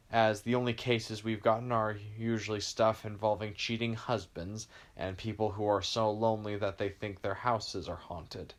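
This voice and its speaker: Guy reading a storybook intro in first person, lowish voice, calm. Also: moderate pace, few pauses.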